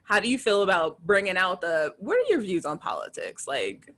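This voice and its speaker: A woman guest on a podcast, lively in casual chat, laughing and asking questions. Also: medium pitch, moderate pace.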